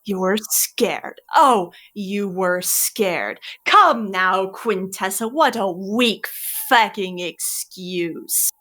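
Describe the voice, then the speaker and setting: A woman's voice: medium pitch, extremely slow, hardly any pauses, pushed and bright. A woman in a tabletop role-play, describing her character's actions and scolding another character in a stern, profane voice. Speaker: player voicing Curling.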